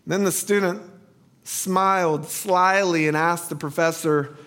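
Preacher guy, highish voice, takes his time, asks the crowd questions. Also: steady tone, a bit bright. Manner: slow storytelling, rhetorical questions. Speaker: pastor. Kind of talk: sermon.

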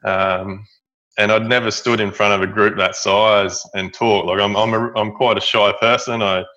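An Australian man who owns a building business speaks as a guest in a storytelling interview. His voice is low yet bright with little pitch movement, and he talks haltingly, with many fillers and restarts, on dull lo-fi audio.

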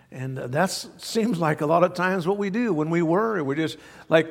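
A man with a slightly high, gravelly voice preaches a sermon, pressing each point again and again and leaning on homespun stories. His voice carries a long reverb, as if from a large church hall. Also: moderate pace. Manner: earnest, repetitive emphasis with folksy anecdotes. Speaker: pastor.

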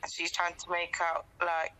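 A woman's voice: lowish voice, completely flat delivery, moderate pace, sharp tone, slight background noise. A woman cohosting a casual podcast chat who gives her opinions bluntly and matter-of-factly. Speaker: podcast co-host.

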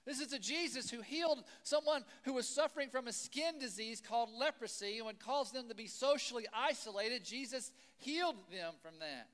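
A man preaching a sermon in a church, chatty and animated, full of rhetorical questions and asides. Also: very high-pitched, a little fast, few pauses. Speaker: pastor. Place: church hall. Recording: long hall reverb.

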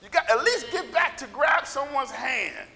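A man preaching a sermon as pastor, with a scratchy, gravelly voice and impassioned bursts of shouting. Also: very high voice, animated, moderate pace. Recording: echoey hall reverb.

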